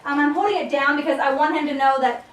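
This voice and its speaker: A young woman demonstrates dog training, talking viewers through her reasons in a high voice. She speaks from a few steps away from the camera, and the room around her rings with echo. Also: quick pace, fairly bright tone, recorded from a distance, soft background music. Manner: explains to viewers between short commands and praise to the dog. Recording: echoey room, voice off-mic.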